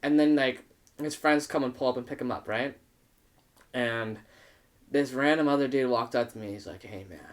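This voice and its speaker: A man's voice: normal speed, pauses often. A young man, a podcast guest, telling a party story in casual chat, swearing and acting out quotes. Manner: animated, profane, acts out quotes with big pitch jumps.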